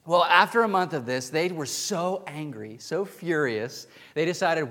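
A man's voice: a little high, lively intonation, unhurried, sharp tone. Guy pastor preaching casual, chatty storytelling, big church reverb trailing off. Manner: chatty storytelling with frequent restarts and chuckles. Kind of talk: conversational sermon. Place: church sanctuary with pews. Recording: long hall reverb in a church.

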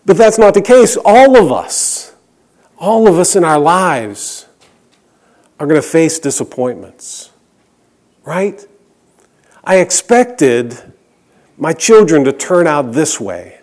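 High-voiced preaching man. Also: sing-song, slow, pauses often. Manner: earnest preaching, reading scripture aloud, drops to a hush on key lines. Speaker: pastor. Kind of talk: sermon.

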